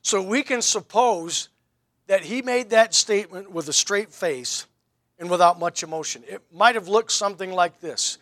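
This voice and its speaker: Male pastor, middle-aged, sermon delivery, high bright voice, wry questioning style, dry close sound. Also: normal speed, no echo. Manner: rhetorical questions, wry and emphatic.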